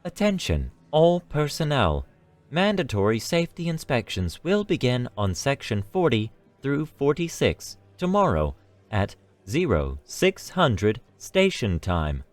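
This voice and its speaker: A man's voice: mid-range voice, wildly swooping pitch, unhurried, no room sound, voice pushed up. A man voicing an automated station announcement system, delivering a formal, clipped notice in a spoken story. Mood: announcing.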